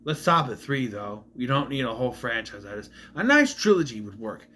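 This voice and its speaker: A man gives a loose, rambling movie review straight to camera, his bright voice swinging widely in pitch. He trips over himself, restarts sentences and swears bluntly. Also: very animated, fairly quick, a little hiss or hum. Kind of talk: casual film review to camera.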